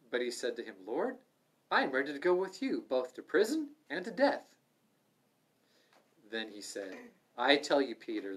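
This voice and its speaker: Man, middle-aged, Bible study teacher, earnest, medium pitch, urging then hushed. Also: husky. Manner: earnest, swings from loud urging to soft asides. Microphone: livestream microphone.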